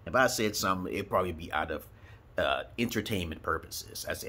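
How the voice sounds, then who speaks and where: A man's voice: sits low, a little fast, pushed and bright, husky. A man from Brooklyn talking to camera in a profane, rambling monologue. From Brooklyn, New York, USA. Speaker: vlogger.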